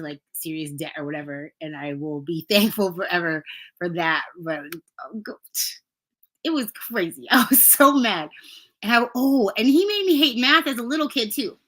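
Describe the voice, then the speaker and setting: A young woman hosts her podcast in a relaxed storytelling mode. Her voice is bright and clear, sitting at a middle pitch. She laughs easily and jumps higher when she acts out what people said. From Brooklyn, New York. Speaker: podcast host. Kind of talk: casual storytelling.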